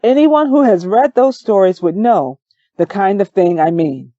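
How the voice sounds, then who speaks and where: A woman giving a measured, calm first-person audiobook narration on a close mic, in a slightly dull recording. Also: mid-range voice, dry recording.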